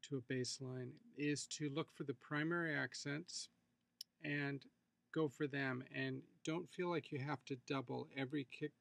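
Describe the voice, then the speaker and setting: Gravelly-voiced man teaching a music lesson. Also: mid-range voice, dry recording. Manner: relaxed, explanatory, thinking aloud with fillers. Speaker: music instructor. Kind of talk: screencast tutorial walkthrough.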